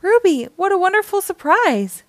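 A woman reading aloud the part of a kindly elderly grandmother in a children's picture book, gentle and reassuring. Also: very high voice, big pitch swings, moderate pace, no echo, pitched above the performer's own voice. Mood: delighted.

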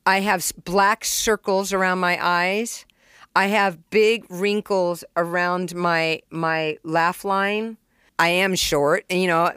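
A middle-aged woman telling stories in a casual interview, candid and animated, swearing freely and acting out beats and sounds. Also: fairly low pitch, clear, resonant tone, no echo, clean studio sound. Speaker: songwriter and producer, interview guest.

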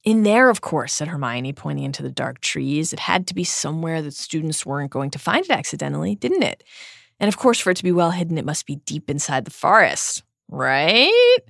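Woman podcast host recapping a book, lower voice but bouncy, dry close studio mic. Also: a little fast, creaky, dry recording. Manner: animated retelling, quoting the book with wry asides. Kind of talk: book discussion podcast with read-aloud passages.

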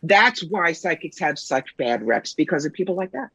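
A middle-aged woman, a guest psychic and author, telling stories in a brisk, wry, punchy way in a casual interview. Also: low-pitched, big pitch swings, vocal fry, a bit bright, slightly rough, no room sound. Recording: dull lo-fi sound, dry.

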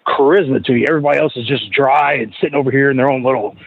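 A man's voice: medium pitch, very fast, gravelly. A man, a wrestler guest on a podcast, telling a rambling, profane story and acting out the voices of the people in it. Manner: profane, animated, acts out quoted voices. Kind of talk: casual storytelling anecdote. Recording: dull lo-fi podcast audio.

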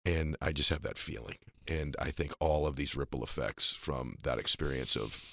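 A man hosting an interview, responding in an affirming, emotional way and speaking with pauses and fillers. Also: very deep voice, vocal fry, sharp tone, no room sound. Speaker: podcast host. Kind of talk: interview conversation.

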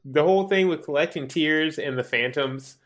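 A man co-hosting a casual podcast, chatting in a relaxed, wry way. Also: on the high side, moderate pace. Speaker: podcast co-host. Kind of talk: casual chat.

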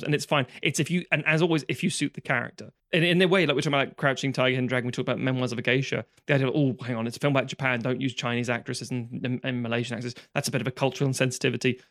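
A fast-talking man co-hosting a casual film chat, his thoughts spilling out in restarts and asides. His voice is dry and close, with no room around it. He swears freely as he goes. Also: mid-range voice, fairly bright tone, no room sound. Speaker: podcast co-host.

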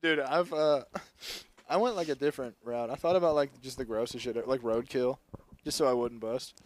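A man's voice: medium pitch, normal speed. A young man co-hosting a podcast, joking and giggling through casual banter. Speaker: podcast co-host. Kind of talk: casual chat.

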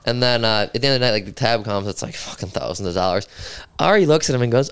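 Young man, rapid rambling, heavy on "like", smooth clear voice. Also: fairly low pitch, lively intonation, fairly bright tone. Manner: rambling storytelling, heavy on "like" and swearing. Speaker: podcast guest. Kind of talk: casual chat.

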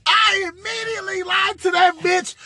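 A man hosting a podcast, telling a crude, profane comedic story in a boisterous manner and drawling some words out. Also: high-pitched. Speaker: podcast host.

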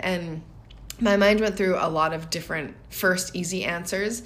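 A woman's voice: on the low side, fairly even intonation, normal speed, a bit bright. A woman in her thirties co-hosting a casual podcast chat. She tells personal stories reflectively and laughs often. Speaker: podcast co-host.

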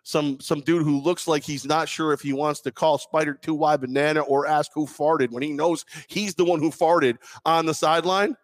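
A man's voice: a little high, fairly even intonation, normal speed, hardly any pauses, no room sound. A man co-hosting a sports talk show in a studio, chatting casually with jokes and rambling asides on a headset mic. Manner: jokey, rambling, bursts into loud mocking impressions.

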